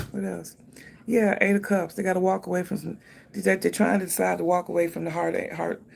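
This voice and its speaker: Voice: mid-range voice, gravelly, background noise. A tarot reader giving a casual reading, thinking aloud, speaking straight to the viewer and swearing freely.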